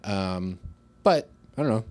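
A high school teacher co-hosting a podcast, talking casually and thinking aloud with frequent restarts. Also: male voice, lively intonation, measured pace, darkish tone. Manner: easygoing, acts out quoted lines in a livelier voice. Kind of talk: casual conversation.

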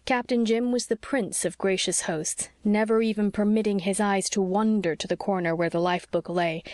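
A woman narrating an audiobook in a calm, measured way. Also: mid-range voice, dry recording, studio quality. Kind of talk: scripted narration.

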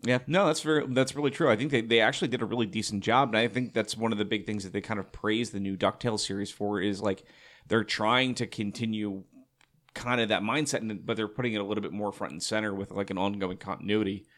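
A man's voice: lowish voice, steady tone, quick pace, a bit bright. A man co-hosting a podcast, talking in a loose, rambling way with many fillers. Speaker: podcast co-host. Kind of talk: casual chat.

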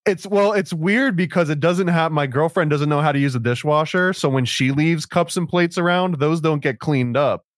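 A man hosting a podcast, throwing in deadpan joking questions in casual chat. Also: fairly high pitch, moderate pace, hardly any pauses, no room sound, clean studio sound. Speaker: podcast host.

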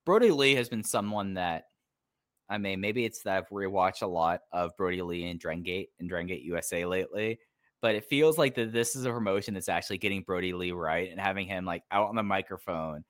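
A man's voice: low voice, fairly quick, fairly bright tone, dry recording, studio quality. A man co-hosting a casual podcast, talking enthusiastically and rambling with lots of filler words. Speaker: podcast co-host. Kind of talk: casual chat.

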